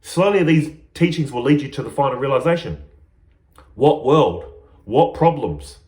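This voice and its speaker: A man teaching spiritual ideas through an emphatic, animated parable. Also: mid-range voice, brisk. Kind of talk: storytelling teaching talk. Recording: roomy echo.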